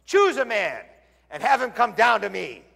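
A preacher acting out a boastful giant warrior shouting a challenge, in a hall with long reverb. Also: male voice, big pitch swings, slow, exaggerated voice. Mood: booming taunt. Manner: loud, booming challenge.

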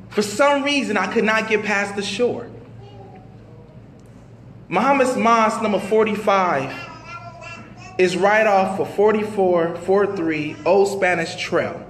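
A man giving a testimony sermon at a mosque, telling his story with animated, slangy storytelling. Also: high-pitched, measured pace, slight background noise. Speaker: minister. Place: mosque hall. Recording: echoey hall with long reverb.

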